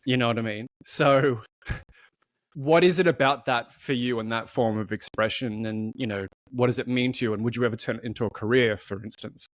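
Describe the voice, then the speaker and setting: A man's voice: mid-range voice, normal speed, dry recording. A man hosting a podcast, talking in a chatty way and often breaking off his own sentences. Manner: chatty, self-interrupting. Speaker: podcast host. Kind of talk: casual chat.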